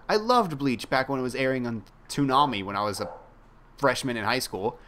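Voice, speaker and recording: A man's voice: mid-range voice, expressive, normal speed, a bit bright, a little hiss or hum. A young man chatting casually while playing a game, rambling and mocking himself, with some swearing. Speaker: gaming YouTuber.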